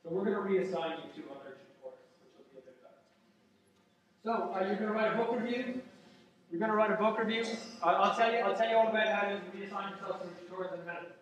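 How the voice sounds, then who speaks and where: A man's voice: high voice, racing, hardly any pauses, fairly bright tone, muffled recording. A man giving a university lecture to students, joking and emphatic, often repeating his phrases. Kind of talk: classroom lecture. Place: lecture hall. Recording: echoey lecture hall from far off.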